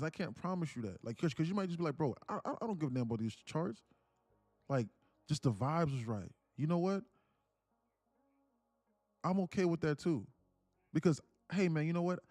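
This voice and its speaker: Streamer host, young guy, warm mellow voice, dry close sound, heartfelt and rambling. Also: fairly high pitch, animated, normal speed, dry recording. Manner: earnest, repetitive, calls listeners "man" and "bro"; reads chat aloud. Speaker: livestream trading host. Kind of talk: casual motivational livestream talk.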